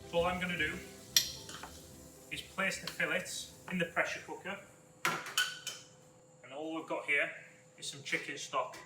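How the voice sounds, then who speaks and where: A chef talks through his dish in an easy, step-by-step way, his voice sitting a little high for a man. The sound is roomy, as in an open kitchen, with music playing clearly behind him. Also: a little slow, long pauses. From Wales. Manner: relaxed step-by-step instruction. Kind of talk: cooking demonstration.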